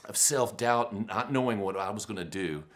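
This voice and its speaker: A keynote speaker in his fifties delivers a motivational talk, telling stories in an animated, self-deprecating style full of rhetorical questions. His voice is lowish and his pace normal.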